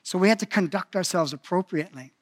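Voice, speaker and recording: A man's voice: high-pitched, fast talker. An older man preaching a sermon in a conversational way, often restarting his phrases as he tells personal stories.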